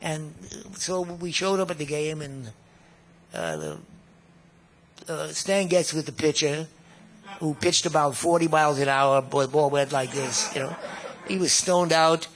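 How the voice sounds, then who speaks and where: A man's voice: fairly high pitch, lively intonation, a little slow, a bit bright, a little hiss or hum. A man in his nineties, a guest musician, reminiscing in a rambling way, often repeating words and chuckling at his own tales. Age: 90s. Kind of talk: storytelling reminiscence.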